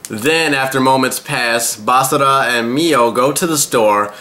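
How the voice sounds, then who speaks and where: Bright-voiced man recapping an anime episode. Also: medium pitch, unhurried. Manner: crude, rambling retelling with profanity. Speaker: anime reviewer.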